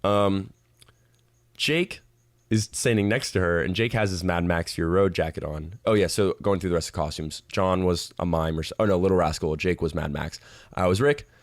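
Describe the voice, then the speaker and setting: A young man co-hosting a podcast, telling an animated story in casual chat and acting out the people in it. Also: low-pitched, moderate pace, no echo, studio quality. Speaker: podcast co-host. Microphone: podcast microphone.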